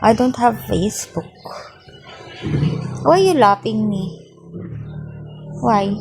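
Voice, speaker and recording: Young woman, livestream host, slow and a bit high, greets viewers by name and asks for gifts. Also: lively intonation, vocal fry, faint music behind, poor audio. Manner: mixes English with Filipino phrases. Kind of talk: casual livestream chat with viewers.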